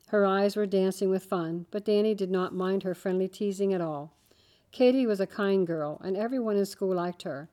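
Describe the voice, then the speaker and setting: A woman reading a children's story aloud, with steady, gentle storytelling. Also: medium pitch, moderate pace. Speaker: narrator.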